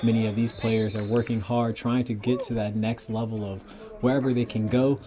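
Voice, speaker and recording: Earnest news narrator over music. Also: male voice, on the low side, little pitch movement, normal speed. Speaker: news reporter.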